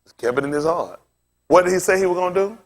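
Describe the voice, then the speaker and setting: A man's voice: high-pitched, expressive, fast talker. A male pastor teaching a Bible lesson in a loose sermon style, constantly throwing questions at his listeners. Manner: quizzes listeners with rhetorical questions, casual phrasing.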